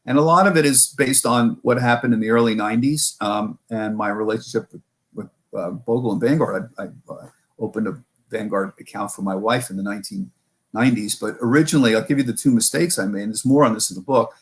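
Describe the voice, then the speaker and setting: A man's voice: fairly low pitch, quick pace. A middle-aged man, a markets correspondent, talking casually in an interview and telling stories with many restarts and self-corrections.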